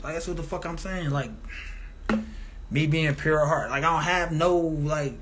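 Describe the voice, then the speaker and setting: A man's voice: a little high, steady tone, unhurried, fairly bright tone, slight background noise. Man, rambling profane monologue, grandiose, meandering restarts. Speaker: commentator.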